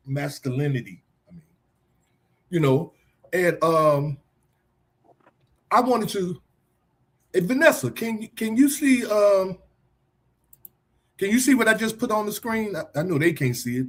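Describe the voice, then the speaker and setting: A man's voice: high-pitched, lively intonation, normal speed, pauses often. A man hosting a podcast, chatting loosely, teasing and laughing often. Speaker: podcast host. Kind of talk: casual talk show chat.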